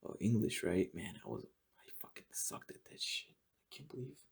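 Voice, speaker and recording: A man's voice: on the low side, huge pitch swings, normal speed, creaky, breathy edge, in a whisper. A young man hosting his own podcast, rambling in a casual monologue full of swearing and laughing at his own jokes. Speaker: podcast host.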